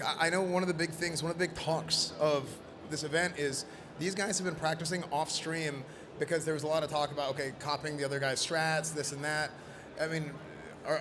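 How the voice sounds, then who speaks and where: A man presenting in costume at a live event, joking and rambling loudly. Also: a little high. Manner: playful, rambling, loud. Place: convention event floor. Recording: noisy convention floor.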